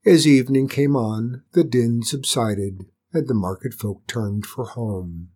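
A man reading a storybook aloud in a calm, measured, gentle way. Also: mid-range voice. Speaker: narrator.

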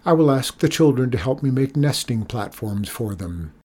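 Serious young teacher in a storybook, read by a man, earnest and pleading, husky tone. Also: mid-range voice, lively intonation, normal speed, a little mellow.

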